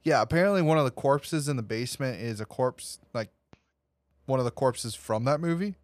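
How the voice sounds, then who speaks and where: Male podcast host, mid-pitched voice, dry close sound, rambling casual read of his notes. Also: animated, moderate pace, no echo. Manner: rambling, reads cast notes with fillers and restarts. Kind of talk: casual movie podcast chat.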